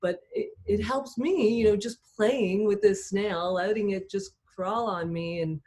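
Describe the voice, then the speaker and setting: A woman's voice: mid-range voice, a little slow, dark tone, a little hiss or hum. A woman taking part in an online talk chats in a light, chatty way with lots of fillers, over a video call. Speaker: webinar participant. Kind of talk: casual chat.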